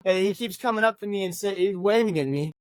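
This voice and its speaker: Man, podcast co-host, casual movie chat, a bit high-pitched, dry close sound. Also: quick pace, no echo. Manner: animated, swearing, retells scenes with excited pitch jumps.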